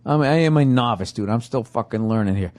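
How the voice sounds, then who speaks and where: A man's voice: medium pitch, expressive, moderate pace, a little mellow. A middle-aged man hosting a comedy podcast, ranting profanely in a casual monologue while chewing food as he talks. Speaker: podcast host.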